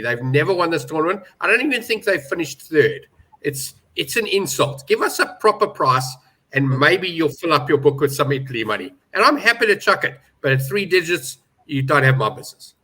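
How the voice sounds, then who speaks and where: A man's voice: a little high, very animated, brisk, pushed and bright, low-quality recording. A man giving opinionated betting views in a casual panel chat, stressing his points hard. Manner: opinionated, emphatic about prices. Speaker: betting pundit.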